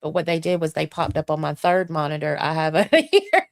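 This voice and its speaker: A woman's voice: deep voice, big pitch swings, a little fast, creaky, no room sound. A woman in her forties hosting a casual livestream from her home computer desk, rambling and swearing as she vents her frustration. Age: 40s. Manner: rambling, profane, frustrated and venting. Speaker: livestream host.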